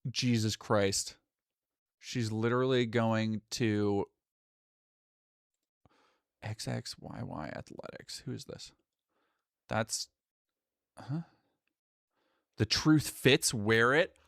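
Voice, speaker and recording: A man's voice: fairly low pitch, drawn-out words, creaky, long pauses, a bit bright, no echo, clean studio sound. A man live-streaming casual reaction commentary, sarcastic and exasperated and swearing freely.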